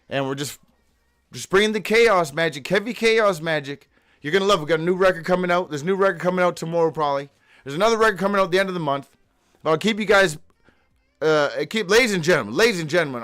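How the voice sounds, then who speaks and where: A man with a fairly high, somewhat bright voice hosts a daily live show. He reads from his own notes and stumbles along, rambling through a foul-mouthed, free-associating monologue broken up by abrupt whoops.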